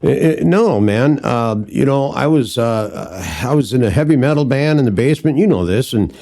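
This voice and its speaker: A man tells stories on a podcast in a loose, rambling way and keeps circling back with fillers. His voice is mellow and dark, and his pitch is average. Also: expressive, normal speed. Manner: rambling storyteller, many fillers. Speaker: podcast co-host. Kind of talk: casual conversation.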